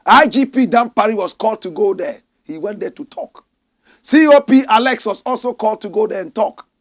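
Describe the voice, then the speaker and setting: A man's voice: high-pitched, animated, fairly quick. A Ghanaian man giving impassioned political commentary, indignant and full of rhetorical questions, calling listeners his brothers and sisters.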